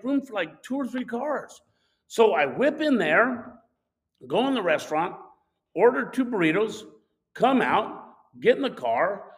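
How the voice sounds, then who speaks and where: A man casually telling a personal anecdote, animated and acting out the shouting of people in it. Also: high-pitched, low-quality recording. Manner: animated, acts out shouted quotes. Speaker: storyteller.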